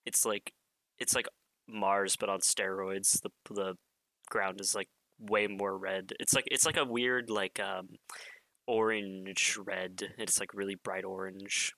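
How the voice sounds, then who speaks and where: A man with a lowish voice and a bright, forward edge, chatting on a casual podcast. He talks in halting bursts, restarting his sentences as he searches for words. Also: steady tone, vocal fry. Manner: hesitant, many fillers and restarts. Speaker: podcast co-host. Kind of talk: casual chat.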